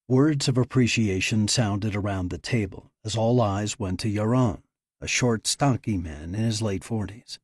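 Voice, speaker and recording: A man reading an audiobook in measured, scripted narration on a close mic. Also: fairly low pitch, dry recording.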